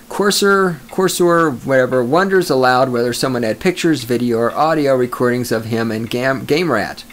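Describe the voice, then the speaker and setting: A man's voice: mid-range voice, slight background noise. A male podcast host reading news stories and mocking them with crude jokes, often breaking into laughter. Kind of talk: sarcastic news commentary.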